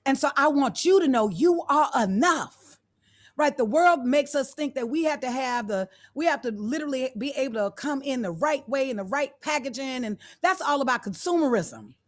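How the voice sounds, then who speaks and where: A woman's voice: high voice, animated, normal speed. Affirming woman speaker on a video call. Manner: warm, affirming, repeats phrases. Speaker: guest speaker. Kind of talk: motivational talk to students.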